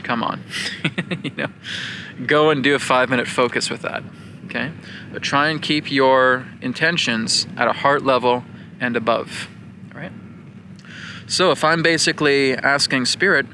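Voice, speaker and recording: A man's voice: medium pitch, normal speed, bright, forceful tone, a little hiss or hum. A man giving an earnest spiritual lesson, repeating his points and often checking in with his listeners. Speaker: spiritual teacher. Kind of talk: spiritual teaching talk.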